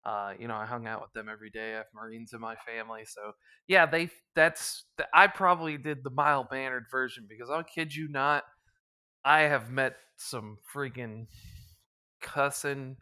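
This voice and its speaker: A man's voice: mid-range voice, fairly even intonation, normal speed, sharp tone, clean tone. A young man from the US East Coast hosting a podcast, telling crude, joking stories in casual chat. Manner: crude, laughing storyteller. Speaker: podcast host.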